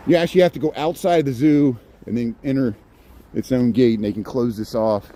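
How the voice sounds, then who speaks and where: A man's voice: fairly quick, dark tone. Middle-aged guy rambling on a phone vlog outside, faint traffic noise. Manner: chatty, rambling, talks to the animals in a high playful voice. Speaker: walking tour vlogger. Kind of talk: casual walking vlog narration. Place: outdoors at a city zoo farm in winter.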